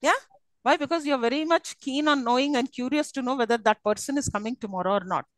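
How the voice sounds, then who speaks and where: High-voiced woman lecturing a class. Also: quick pace, no room sound, low-quality recording. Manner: teacherly, checks understanding often. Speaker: English lecturer.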